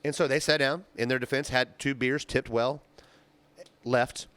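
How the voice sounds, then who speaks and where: A man's voice: medium pitch, measured pace. A young man co-hosting a podcast, telling a workplace story casually and profanely, acting out the quotes. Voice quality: animated, profane, acts out quotes. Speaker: podcast co-host.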